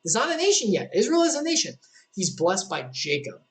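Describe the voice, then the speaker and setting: A streamer works through a Bible passage in casual, chatty commentary. The reading runs at a middling pitch, and the speaker often breaks off for quick asides and jokes. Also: wildly swooping pitch, rough recording. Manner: conversational, joking asides, many "like" fillers. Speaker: streamer leading a devotional.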